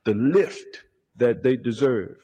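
A man's voice: mid-range voice, animated, takes it slowly, mellow, breathy edge, long reverb tail. A man playing a pompous congressman giving an oratorical floor speech in a clip from a comedy sketch.

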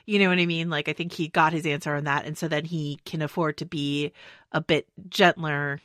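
Bright-voiced female podcast co-host, dry sound. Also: low-pitched, brisk, no echo. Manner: animated, laughs easily. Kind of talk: casual podcast discussion.

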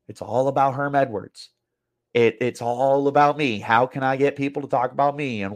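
A man's voice: mid-range voice, moderate pace. A man hosting a sports podcast, delivering a heated, annoyed opinion rant full of repetition.

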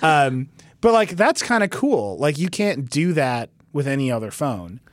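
A man hosting a casual tech podcast, joking and quick, laughing often. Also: fairly high pitch, big pitch swings, dry recording. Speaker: podcast host.

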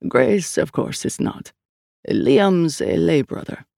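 Brief: studiously calm older priest, gravelly, dry recording, read by a man. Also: a little high, dry recording, exaggerated voice. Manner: calm, measured.

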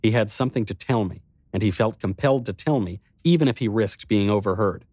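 A man narrates a novel in the first person, with a measured and introspective delivery. His voice sits on the low side. The recording is close and dry, with no room sound. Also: a little mellow, breathy edge, no room sound. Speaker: audiobook narrator.

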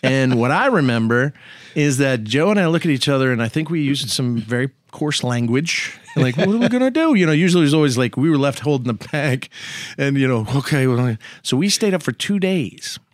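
Male co-guest, mid-pitched and conversational, quick to add details; dry room. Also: lively intonation, no room sound. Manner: chimes in, finishes the other speaker's sentences. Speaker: senator and former co-counsel, guest. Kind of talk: conversational storytelling.

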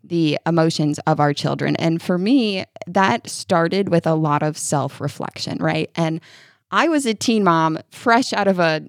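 Low-voiced woman podcast co-host. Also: expressive, unhurried, no room sound, studio quality. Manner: thoughtful, conversational, personal. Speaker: mother. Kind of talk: casual chat.

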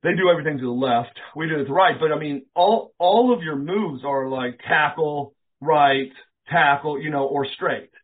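Male interview guest, lively raconteur who plays out every quote; slightly high pitch, thin phone-line audio. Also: normal speed. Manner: animated storyteller, acts out quoted dialogue, swears casually. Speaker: interview guest, former pro wrestler. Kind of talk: casual storytelling interview.

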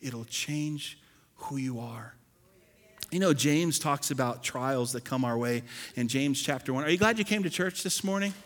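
A man preaching a sermon as pastor, animated, swinging between loud and soft and acting out churchgoers. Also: mid-range voice, a little fast. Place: church sanctuary. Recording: long hall reverb.

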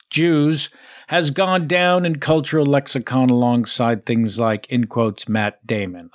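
A man's voice: mid-range voice, expressive, normal speed. A man hosting a podcast, reading listener mail with playful, self-mocking jokes. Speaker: podcast host and actor.

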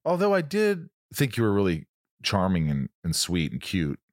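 A man's voice: low-pitched, wildly swooping pitch, moderate pace, no room sound, clean studio sound. A middle-aged man in casual chat, co-hosting, reading out fan questions and telling set stories. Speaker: co-host.

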